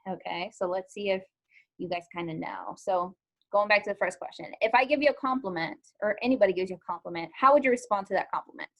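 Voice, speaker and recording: A woman teaches a social skills lesson to an online class, speaking quickly in a medium-pitched, slightly bright voice. Her style is chatty and informal, full of "ums" and "likes," and she keeps asking the students questions.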